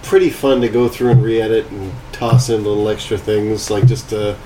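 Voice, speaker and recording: A man's voice: lowish voice, steady tone, normal speed, recorded from a distance, noisy background. Joking, rambling man. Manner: joking, rambling, many fillers. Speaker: podcast co-host. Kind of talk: casual movie-review chat.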